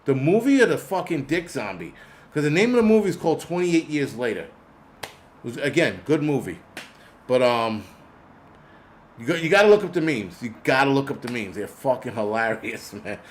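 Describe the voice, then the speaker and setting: A man's voice: mid-range voice, normal speed, slight background noise. A man hosting his own channel, ranting casually with heavy swearing and frequent laughter. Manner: profane, animated, laughs often. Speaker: channel host. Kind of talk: casual unscripted rant.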